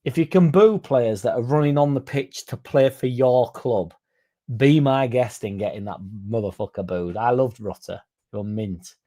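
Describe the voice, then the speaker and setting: A man's voice: mid-range voice, moderate pace, dark tone. A man hosting a casual livestream, rambling, swearing and chatting to viewers by name. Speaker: fan channel livestream host.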